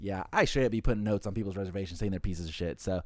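A man's voice: low-pitched, dry recording, studio quality. A man who works a hotel front desk, telling stories in casual chat, swearing freely and acting out what callers said. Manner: fast, profane, acts out callers' lines.

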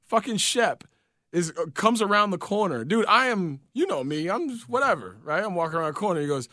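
Animated man telling stories, higher voice. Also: brisk, no echo, studio quality. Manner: animated storyteller, swears freely, acts out quotes. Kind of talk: casual chat.

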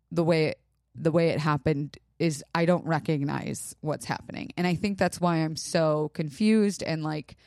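A young woman hosting a podcast, talking in a halting, emotional way while she holds back tears, with many pauses and fillers. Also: low voice, a little mellow, no room sound, clean studio sound. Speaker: podcast host. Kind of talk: personal monologue.

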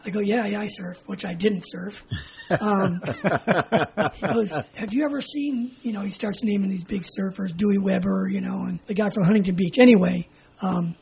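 An older man from California recounts his army days in an oral history interview. His voice is mellow and warm. He tells it in a lively way, acting out each side of the conversation and laughing along, with faint noise behind him. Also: high voice, normal speed, creaky, poor audio. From California, USA. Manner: animated, acts out dialogue, laughs often. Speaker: interviewee, veteran.

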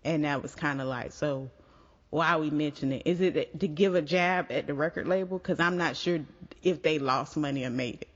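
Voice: mid-range voice, moderate pace, a bit bright. A podcast co-host in casual chat, teasing and sarcastic about pop culture. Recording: dull lo-fi sound with long reverb.

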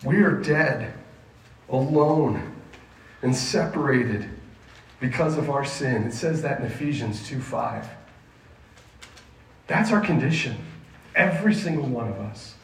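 A man preaching a sermon to a junior high group, emphatic and asking the listeners questions. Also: lively intonation, a little slow, pauses often, a little hiss or hum. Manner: emphatic, asks the audience questions. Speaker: youth pastor. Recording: echoey room, mic at a distance, faint ambience.

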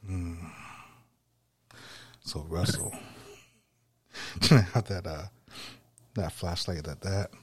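A man's voice: sits low, slow pace, pauses often, slightly rough, dry recording, clean studio sound. A man hosting a podcast, chatting casually and laughing with his guest. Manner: relaxed, laughing. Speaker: podcast host. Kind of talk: casual chat.

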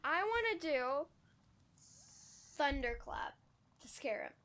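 High-voiced eager woman player. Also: sing-song, takes it slowly, fairly bright tone. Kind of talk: casual tabletop game play.

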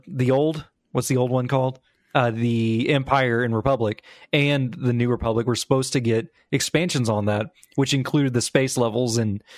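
A man's voice: mid-range voice, no room sound. Podcast co-host guy, casual chat, dry close mic, acts out lines while telling stories. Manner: animated storytelling, acts out quotes.

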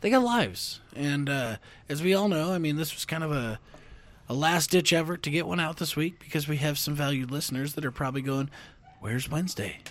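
A man hosts a casual podcast in a fairly high voice. He is friendly and keeps the show moving. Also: brisk, a bit bright. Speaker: podcast host. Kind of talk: casual chat.

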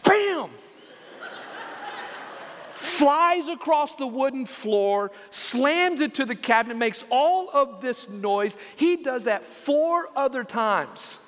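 A man pastor preaching a sermon, telling stories and acting out quotes with lively emphasis. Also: very high-pitched, slow, few pauses. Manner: animated storytelling with acted quotes. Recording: reverberant church hall.

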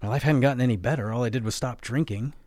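A man's voice: mid-range voice, rapid-fire, a little mellow, dry recording, studio quality. A young man telling his own story in a candid, confessional way, swearing often and tagging lines with "right?". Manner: candid, profane, fillers of "right?" and "like". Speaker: podcast host.

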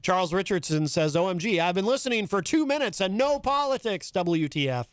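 A man hosts a radio talk show with a fairly high, light voice. He reads listener chat messages aloud in an easy, chuckling way. The studio mic is close and dry. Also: expressive, a little fast, clean tone, dry recording.

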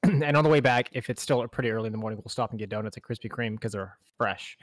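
A man's voice: fairly low pitch, fast talker, no echo. A young man co-hosting a podcast, telling a funny story with lots of laughter. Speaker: podcast co-host. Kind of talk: casual storytelling.

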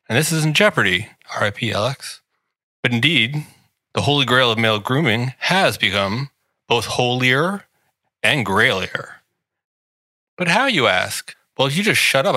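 A man's voice: medium pitch, bright, forceful tone, dry recording. A man reading a comedic ad with sarcastic, mock-grandiose flair, teasing the listener. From Washington, D.C. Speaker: podcast host reading an ad. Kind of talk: comedic ad read.

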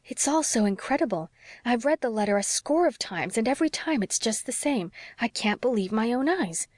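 A woman reading the part of an excitable young wife, eager and breathless. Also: normal speed, no room sound, clean studio sound. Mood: excited. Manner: breathless, excited, rising pitch.

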